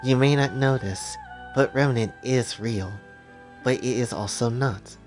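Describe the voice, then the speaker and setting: A solemn young female attendant who speaks softly and formally, measuring every word, voiced by a man retelling a story. Her delivery stays low-key and serious, with faint music behind. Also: measured pace, lightly acted.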